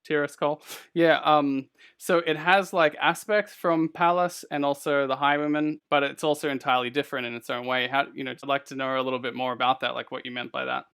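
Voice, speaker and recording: A man's voice: mid-range voice, flat delivery, brisk, gravelly, fairly bright tone, clear, resonant tone. A man hosting a podcast, chatting casually and rambling with lots of "like" and "you know". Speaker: podcast host. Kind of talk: casual interview chat.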